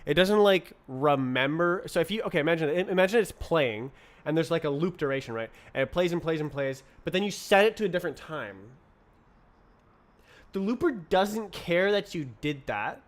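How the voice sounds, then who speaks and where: A man's voice: fairly high pitch, animated, normal speed. A man streaming live while he programs, muttering to himself and tossing in playful nonsense words. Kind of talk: thinking aloud while programming.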